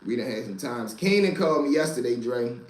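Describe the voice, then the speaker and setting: Telling street stories on a casual show, this male host speaks at normal speed in an expressive, medium-pitched voice, using profane street slang and repeating lines for emphasis. The low-quality recording has an echoey room sound.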